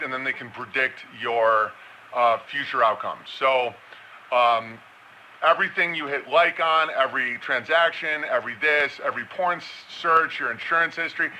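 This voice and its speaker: Bright-voiced man rambling conspiracy commentary. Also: on the high side, a little hiss or hum, rough recording. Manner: rambling, conspiratorial, with mocking impressions. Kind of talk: casual commentary monologue.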